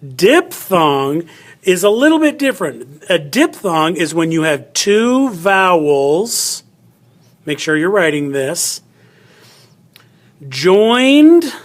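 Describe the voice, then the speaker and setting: Middle-aged guy teacher doing a phonics lesson, slightly high voice, chatty, thinks out loud. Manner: chatty, thinks aloud while cutting and writing.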